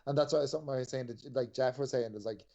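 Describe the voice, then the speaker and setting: A man co-hosting a podcast in casual chat, jokey and animated. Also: medium pitch, fast. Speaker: podcast co-host.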